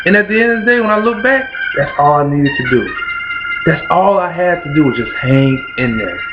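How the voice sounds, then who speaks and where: Brisk and sing-song, on the high side, the host is a Kentucky man with a Kentucky accent preaching to motivate in a repetitive, rhythmic cadence. It's a dull lo-fi recording with background music.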